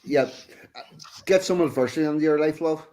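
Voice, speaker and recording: A man's voice: on the high side, brisk, darkish tone. Blunt, sweary man hosting a stream. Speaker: stream host. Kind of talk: casual chat, reading out an article with comments.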